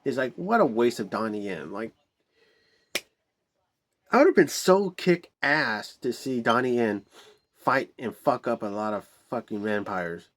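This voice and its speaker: A man's voice: mid-range voice, expressive, measured pace. A man giving a casual, rambling movie review, swearing a lot, with many fillers and restarts and exasperated outbursts.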